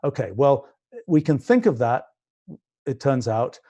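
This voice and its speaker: A man's voice: medium pitch, very animated, a little slow, mellow. British man explaining physics live. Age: 60s. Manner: thinking aloud, frequent restarts and fillers. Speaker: scientist presenting his project. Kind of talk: livestreamed technical explanation.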